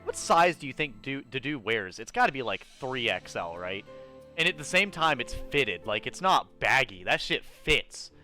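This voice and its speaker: A man's voice: mid-range voice, sing-song, normal speed, sharp tone, faint music behind. A young man giving casual, joking gameplay commentary, laughing often and swearing freely. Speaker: gaming commentator.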